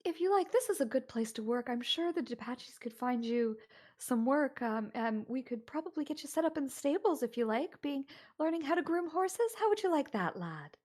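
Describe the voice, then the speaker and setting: A woman's voice: high-pitched, expressive, normal speed. A woman voicing a kindly, gossip-loving motherly woman who dotes on a young lad. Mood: doting. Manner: warm, doting, curious.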